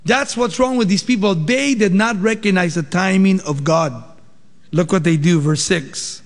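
A man's voice: sits high, measured pace, in a large hall. A male pastor preaching a sermon, explaining scripture with rhetorical questions.

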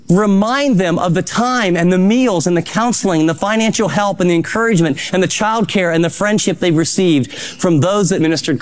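Pastor, male, high voice, fervent sermon delivery, exhorting. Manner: fervent, exhorting, swings between soft and loud.

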